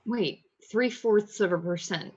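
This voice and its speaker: A woman's voice: medium pitch, unhurried, a little mellow, highs cut off. A woman playing a tabletop game, teasing the others in a wry way. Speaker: player.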